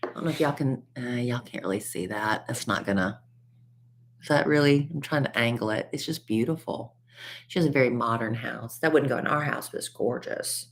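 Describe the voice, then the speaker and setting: A woman's voice: rumbling low, brisk. A woman with a Texan accent hosting a podcast live stream, chatting candidly and sounding worn out. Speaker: podcast host. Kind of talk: casual live-stream chat.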